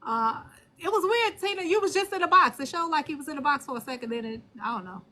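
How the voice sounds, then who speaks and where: A woman hosting a live stream and talking on her phone, blunt and animated, cursing freely. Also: high voice, fast talker. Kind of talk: casual live stream chat.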